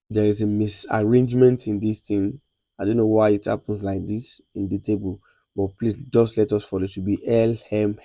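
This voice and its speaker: A Nigerian man teaches a beginners' class at a slow, measured pace. He repeats each sound for his students and keeps checking they follow. His voice sits low and mellow, in a dry recording. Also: dry recording. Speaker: lecturer. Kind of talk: classroom lesson on French letters.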